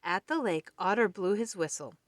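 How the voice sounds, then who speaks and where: A woman reading a children's picture book aloud in a gentle, friendly way. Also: mid-range voice, moderate pace, no echo. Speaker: storybook reader.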